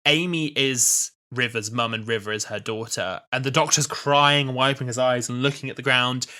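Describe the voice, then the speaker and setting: A young man in his twenties co-hosting a podcast, retelling scenes in a casual, animated chat. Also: medium pitch, normal speed. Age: 20s. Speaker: podcast co-host.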